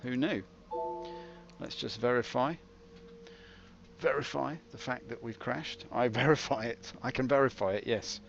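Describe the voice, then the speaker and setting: A man's voice: mid-range voice, a little slow, creaky, long pauses, fairly bright tone, faint music behind. A British man giving wry, rambling commentary while streaming a game. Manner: wry, rambling, self-mocking. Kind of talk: casual livestream commentary. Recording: dull lo-fi with faint hiss.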